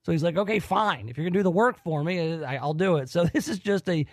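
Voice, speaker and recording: Radio host, man, high-pitched, dry studio sound, rambling and eager. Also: fast, dry recording. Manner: enthusiastic, rambling. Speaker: radio talk show host. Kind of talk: casual radio talk.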